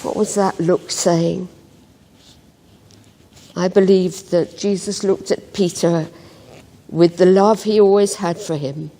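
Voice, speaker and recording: Brief: unhurried female devotional reader, mellow tone, long church reverb. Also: on the low side, steady tone, a little hiss or hum. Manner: slow, gentle storytelling with reflective pauses. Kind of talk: scripted Bible story narration.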